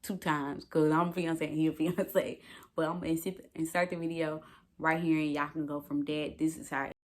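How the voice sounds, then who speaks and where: Woman in her twenties, slightly low voice, casual storytime vlogger, animated and profane, keeps talking straight to viewers. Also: moderate pace.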